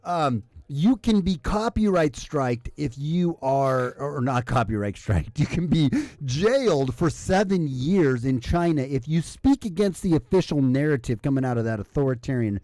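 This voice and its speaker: On a live call-in stream with casual drinking banter, a slightly drunk host rambles, swears, and keeps relaying what the caller says to his co-hosts. He speaks unhurriedly and expressively in a mid-range, dark voice, recorded dry.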